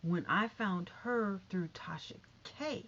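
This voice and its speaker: A woman's voice: medium pitch, slow pace, a bit bright, lo-fi sound, slight background noise. A woman vlogging casual celebrity gossip in a chatty, catty way, full of asides and repeated no's.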